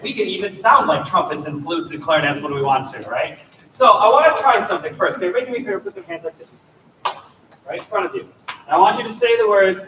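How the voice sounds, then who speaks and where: Man, choir clinician, high voice, demonstrates vocal sounds, encouraging, echoey hall, far from mic, noisy. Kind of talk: choir rehearsal instruction.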